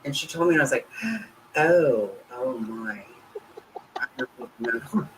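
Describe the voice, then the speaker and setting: A woman's voice: normal speed, slight background noise, low-quality recording. A woman hosting a casual livestream, talking bluntly and swearing constantly, with her voice swinging up and down. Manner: blunt and heavily profane; animated, swinging pitch. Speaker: host.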